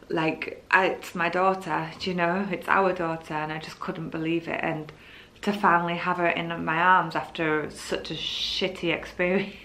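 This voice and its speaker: A woman's voice: lowish voice, a bit bright, a little hiss or hum. Candid woman recounting her birth story. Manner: emotional, candid, rambling with restarts. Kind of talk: casual personal storytelling.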